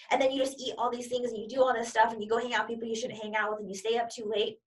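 Emphatic higher-voiced woman coach. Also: level tone, very fast, few pauses, distant mic. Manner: emphatic and repetitive, piling up examples. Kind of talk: motivational talk.

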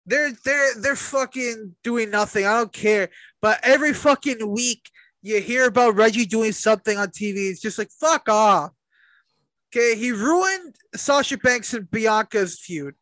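A man with a high, bright voice rants bluntly and swears freely as a co-host in casual chat. The sound is dry and close. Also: unhurried, no echo. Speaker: podcast co-host.

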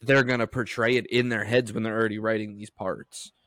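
A man co-hosting a film podcast who steers the conversation in a measured, agreeable way. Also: on the low side, level tone, a bit bright, dry recording, clean studio sound. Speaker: podcast co-host. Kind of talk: casual film podcast chat.

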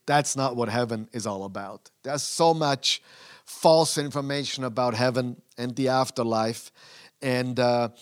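A man preaching a sermon, earnest and emphatic but conversational. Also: mid-range voice.

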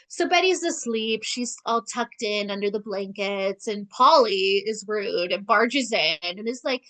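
A woman co-hosting a casual podcast, recapping a TV episode with sarcastic asides and quick acted-out lines of dialogue. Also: on the high side. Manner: animated, sarcastic, acts out character lines. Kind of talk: casual chat.

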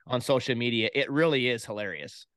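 Brief: male podcast host, mid pitch, chatty and eager, dry close sound. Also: brisk, a bit bright, clean tone, dry recording. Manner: chatty, enthusiastic, stumbles on repeated words. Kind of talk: casual interview hosting.

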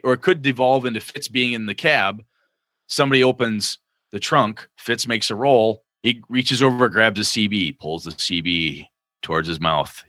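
A man co-hosting a casual chat about running tabletop games, animated and slipping into quick character voices. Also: lowish voice, dry recording, studio quality. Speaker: game master podcast co-host.

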